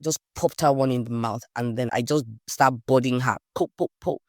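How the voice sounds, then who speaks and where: Animated Nigerian woman telling stories. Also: rumbling low, moderate pace, dry recording, clean studio sound. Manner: animated storyteller, acts out quotes, Nigerian slang. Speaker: podcast guest. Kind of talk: storytelling in casual interview.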